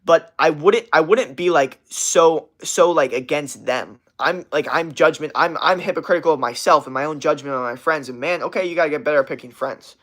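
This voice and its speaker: A man's voice: on the high side, a little fast, few pauses, fairly bright tone. A young man hosting a livestream as a health coach, ranting casually in a rambling, profane way, full of filler words and restarts.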